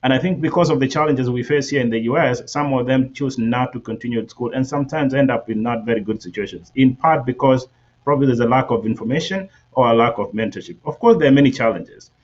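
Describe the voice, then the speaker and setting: Male panel moderator, mid pitch, steady and inviting, muffled lo-fi recording. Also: fast. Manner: steady, inviting, uses fillers. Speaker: host. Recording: dull lo-fi audio.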